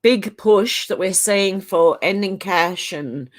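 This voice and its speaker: A woman from Australia takes it slowly in a mid-range voice as she hosts a livestream. She reads viewer comments aloud in casual, chatty conversation, often chuckling.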